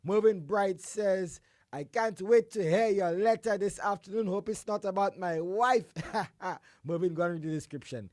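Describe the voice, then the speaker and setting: Radio guy, hoarse from flu, hyped greetings, dry close studio mic, kinda high voice. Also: unhurried, dry recording. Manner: exuberant, shouts greetings, drops into a quieter voice between. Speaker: radio host. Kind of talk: lively radio show chat with listener shout-outs.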